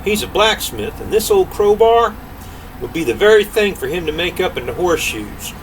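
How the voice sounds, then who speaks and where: Cocky sly young trickster, boastful folksy drawl, slightly raised pitch, voiced by an older man. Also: sing-song, moderate pace, far from the mic, slight background noise, rough recording.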